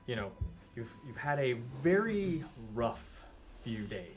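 A man acting as game master, talking through the scene in a relaxed, hesitant way. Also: mid-range voice, slow pace. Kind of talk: narrating a tabletop game.

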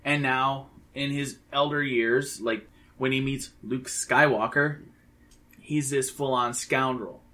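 A man talking casually about a film, chatty and enthusiastic, with a voice of ordinary middle pitch. He rambles with plenty of fillers and restarts as he retells scenes to his co-host. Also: fairly even intonation, slow, sharp tone. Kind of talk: casual movie review chat.

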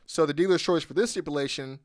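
A man hosting a casual podcast, telling what happened on a wrestling show with swearing and quick laughs. His voice sits a little high and comes through smooth and clear. The sound is close and dry. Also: no room sound. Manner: profane, laughing, animated retelling. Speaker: podcast host. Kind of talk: casual wrestling recap chat.

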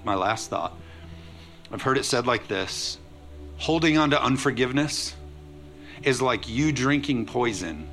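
A man preaches to his congregation in an energetic, conversational way, tossing in playful asides. His voice is bright with a gravelly edge. Faint music sits under the live church recording. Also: lowish voice. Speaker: pastor. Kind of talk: sermon.

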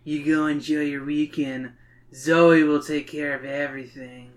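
A reader voicing a sly, lazy teenage babysitter in a flat, unhurried way. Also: medium pitch, lightly acted.

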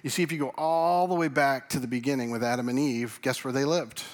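A man preaching a sermon, animated, swinging from loud emphasis to hushed tones. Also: medium pitch, fairly quick. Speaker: pastor. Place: church.

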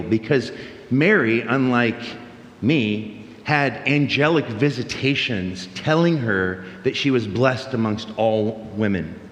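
A man's voice: mid-range voice, fairly bright tone. Middle-aged male pastor in an echoing hall. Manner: conversational, anecdotal, with frequent fillers and restarts. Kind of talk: sermon. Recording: roomy hall reverb.

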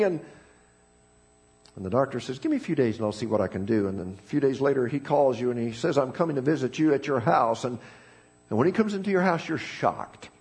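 Animated preaching man, dramatic swings. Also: mid-range voice, fast talker. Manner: dramatic storytelling, swings between loud emphasis and hushed tones. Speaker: pastor. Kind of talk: sermon. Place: church sanctuary.

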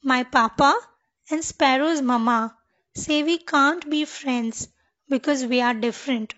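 Woman putting on a little snake kid, plaintive, pleading, high, slow, lo-fi. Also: fairly bright tone. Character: small sad young snake child.

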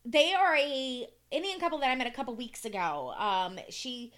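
A woman's voice: high-pitched, animated, normal speed, fairly bright tone. A woman co-hosting a podcast, chatting casually, telling stories bluntly and laughing often. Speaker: podcast co-host. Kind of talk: casual chat.

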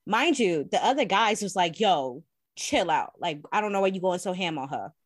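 A woman in casual podcast chat, telling an animated, profane story with plenty of laughs. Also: on the low side, normal speed, no echo, clean studio sound. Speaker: podcast co-host.

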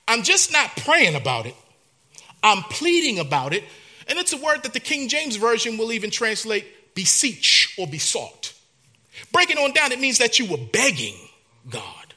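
Male pastor preaching in church, lively sweeping delivery, hushed to loud. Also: high voice, normal speed. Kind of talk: sermon.

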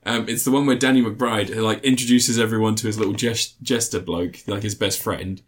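A man co-hosting a podcast, retelling film scenes in a rambling, animated way with playful put-on voices. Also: on the low side, fairly quick. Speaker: podcast co-host. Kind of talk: casual film review chat.

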